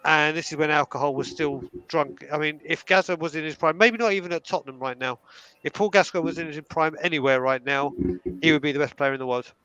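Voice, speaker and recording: A young man telling animated stories as a fan on a live stream, with frequent hesitant restarts. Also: fairly high pitch, quick pace, smooth, highs cut off. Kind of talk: casual storytelling.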